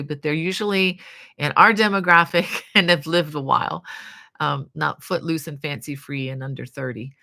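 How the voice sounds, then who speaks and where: An older woman hosts a casual live chat. Her voice sits low and carries a gravelly rasp. She reads out viewer comments and answers each one warmly and devoutly, with plenty of friendly asides. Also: moderate pace, no room sound, studio quality. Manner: earnest, devout, fond of blessings and prayers. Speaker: crochet channel host.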